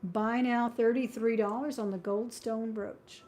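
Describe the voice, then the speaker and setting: A woman's voice: on the high side, fairly even intonation, unhurried, a little mellow. A woman hosting a live-stream jewelry sale, calling out buy-now prices in a chatty, friendly way and drifting into small talk with frequent laughs. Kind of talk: live-stream sales patter.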